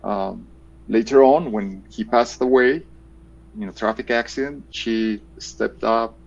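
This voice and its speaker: A man's voice: medium pitch, measured pace, creaky, dull audio. A man in his fifties with a Colombian Spanish accent, answering interview questions hesitantly and repeating words as he thinks. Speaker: guest, engineering professor.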